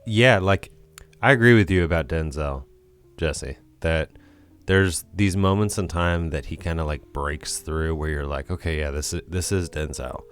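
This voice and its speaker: A man's voice: a bass voice, moderate pace, clean tone. A man co-hosting a movie podcast, musing at length with many fillers and the odd swear. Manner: rambling, filler-heavy, swears. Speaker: podcast co-host. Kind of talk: casual film discussion.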